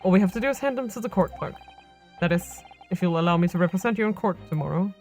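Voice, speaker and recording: A woman's voice: fairly low pitch, fast, darkish tone, soft background music, close to an everyday voice. A woman voicing an earnest young male defense lawyer who reasons things through aloud, reading game dialogue on a stream.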